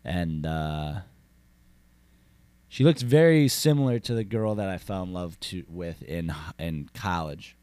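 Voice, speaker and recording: A man voicing a boastful cowboy rancher who swears and rambles in a low Southern drawl. His tough-guy bravado keeps looping back to the same lines in a deadpan comic monologue. The voice is recorded dry, with no room sound. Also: a little slow, clean tone, no room sound. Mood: brooding. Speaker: comedy character host.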